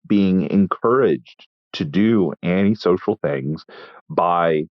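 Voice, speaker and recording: Casting: low-pitched male chef from Texas, dry deadpan raconteur, muffled close podcast mic. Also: slow, no room sound. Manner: wry, deadpan storytelling with frequent restarts. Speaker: chef and guest. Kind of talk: casual interview storytelling.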